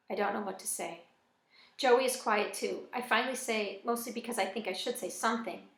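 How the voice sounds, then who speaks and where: A woman reading a first-person novel aloud in a plain, even storytelling manner. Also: fairly high pitch, brisk, vocal fry. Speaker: audiobook reader. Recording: echoey room.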